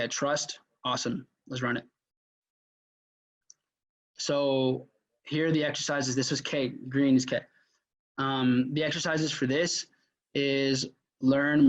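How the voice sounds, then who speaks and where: A man runs a loose sales workshop at a mid pitch, talking in a chatty way with many fillers and restarts. His voice comes through dull, lo-fi audio. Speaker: mentor teaching a sales workshop. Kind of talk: casual live workshop lecture.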